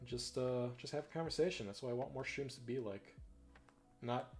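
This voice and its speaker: Painting on a livestream, a young northern American man keeps up a loose, rambling chat full of fillers and free swearing. His mid-range voice moves at normal speed over faint music.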